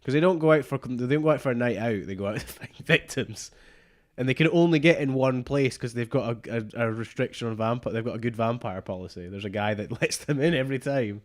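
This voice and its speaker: A man's voice: mid-range voice, fairly quick. Enthusiastic male podcast co-host, casual film chat. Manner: chatty, enthusiastic, quotes scenes in voices.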